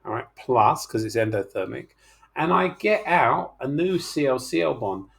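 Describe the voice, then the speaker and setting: A man's voice: medium pitch, expressive, moderate pace, vocal fry, fairly bright tone. A middle-aged man teaching chemistry in an online class, talking through problems in a chatty, teasing way and coaxing his students to speak up.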